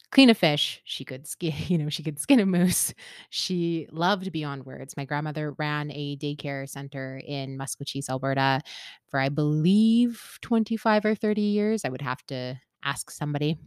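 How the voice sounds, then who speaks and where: A woman's voice: deep voice, no room sound, clean studio sound. A woman from Canada hosting a podcast, telling a personal story in a candid, casual way and often laughing. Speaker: podcast host.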